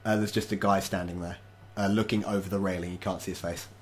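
A young man narrating as game master, halting with many fillers and laughing often. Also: low voice, flat delivery.

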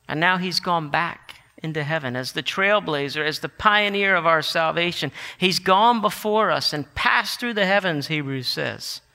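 A man preaching a sermon, animated and building to emphatic declarations. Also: high voice. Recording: long hall reverb.

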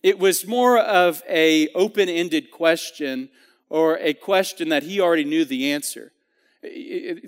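Man, sermon, earnest and conversational, slightly high voice, long church reverb. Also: a bit bright. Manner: earnest, conversational, many restarts and fillers. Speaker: preacher. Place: church sanctuary.

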